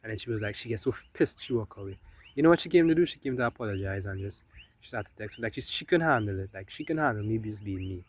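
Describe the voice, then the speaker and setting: A man's voice: fairly low pitch, lively intonation, quick pace. A man giving casual spiritual self-help talk, loose and conversational, often adding "right?" and "you know?" between points.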